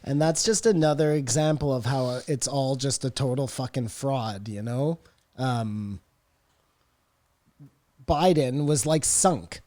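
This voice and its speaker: A man's voice: mid-range voice, takes it slowly, a little mellow. A man co-hosting a podcast in casual chat, throwing in dry, teasing jokes. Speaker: podcast co-host.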